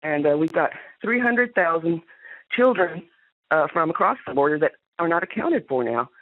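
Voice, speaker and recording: A woman's voice: low voice, expressive, normal speed. A woman with a Texan accent calling a radio phone-in, blunt and emphatic with a drawl. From Texas. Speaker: caller. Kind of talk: phone-in call. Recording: tinny phone line.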